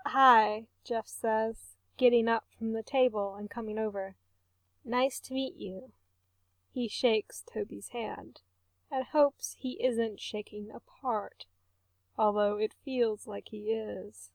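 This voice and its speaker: A woman narrating a story in an audiobook reading, soft, measured and emotive. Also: a little high, fairly even intonation, no echo.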